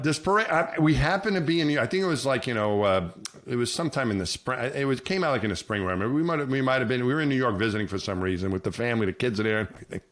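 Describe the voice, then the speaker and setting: A middle-aged man, a former astronaut co-hosting a podcast, telling a long story in a rambling way, with many restarts and lively quoted voices. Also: medium pitch, slight background noise. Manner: rambling, many restarts, animated when quoting people. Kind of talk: casual storytelling chat.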